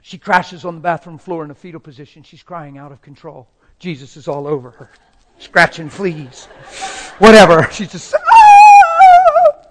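A man's voice: on the high side, normal speed, bright, forceful tone, a little hiss or hum. A man preaching a personal testimony in a dramatic, emotional storytelling manner.

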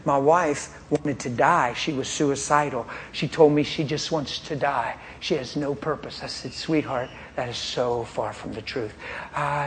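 In this sermon testimony, a man with a mid-range voice delivers his story bluntly and with lots of energy, breaking into laughter frequently. Some faint background noise can be heard.

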